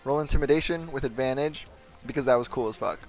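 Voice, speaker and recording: A man narrates a tabletop session as game master at an ordinary middle pitch. He describes things loosely with plenty of fillers and casual swearing. Soft music plays faintly behind him. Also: quick pace.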